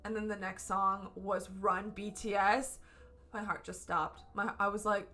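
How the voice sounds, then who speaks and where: Bright gushing woman streamer. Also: medium pitch, level tone, a little slow, soft background music. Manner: gushing, emphatic, swears freely. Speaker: streamer reviewing a concert. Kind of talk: casual excited review chat. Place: at home. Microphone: camera setup at home.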